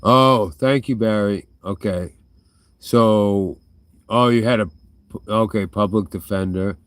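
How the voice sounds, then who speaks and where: A man's voice: fairly low pitch, slow, dry recording. A man hosting a casual livestream chat, laid-back and thanking viewers by name. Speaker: livestream host.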